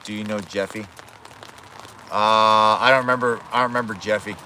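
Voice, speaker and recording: Casual male streamer, rambling and profane, bright tone, faint outdoor hiss. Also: lowish voice, fairly even intonation, moderate pace. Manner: rambling, self-correcting, swears. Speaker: livestreamer. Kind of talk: casual livestream chat. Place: outdoors at home.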